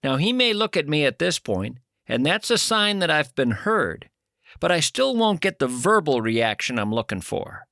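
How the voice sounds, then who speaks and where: A middle-aged man hosting a radio show, delivering a wry, deadpan comic monologue with sudden loud outbursts. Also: fairly high pitch, normal speed, creaky, no room sound, clean studio sound. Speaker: radio host.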